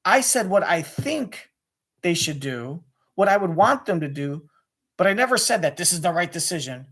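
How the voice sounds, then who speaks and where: Ranting to camera in a fairly bright, high-sitting voice with big pitch swings, a man fumes about getting cut off as a sports radio caller. His delivery is fast and restless, packed with swearing and restarted sentences.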